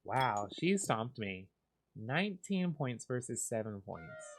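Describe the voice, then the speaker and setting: A man softly narrating a cozy game for listeners drifting off to sleep, in a slow, relaxed voice with lively ups and downs in pitch. There is a faint hiss in the background. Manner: soft, relaxed and unhurried. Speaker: gaming channel host. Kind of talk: calm sleep gameplay commentary.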